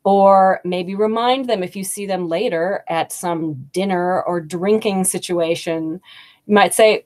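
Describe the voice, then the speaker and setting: Slightly low-voiced woman teaching. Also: a little mellow. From United States. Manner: friendly, explains slowly with examples. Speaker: English teacher and host. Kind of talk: live-streamed teaching talk.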